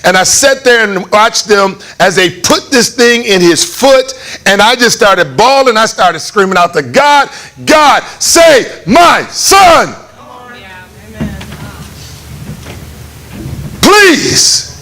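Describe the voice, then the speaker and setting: Male pastor, sermon, lively storytelling delivery, higher bright voice. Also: normal speed. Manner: animated, conversational, acts out voices with laughs. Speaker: preacher. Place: church hall.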